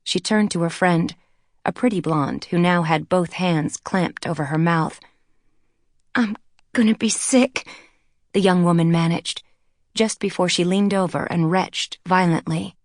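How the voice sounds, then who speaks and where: A woman narrating a novel with a lower voice in a measured, even way. The recording is close and very dry. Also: no room sound. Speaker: audiobook narrator. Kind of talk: scripted narration.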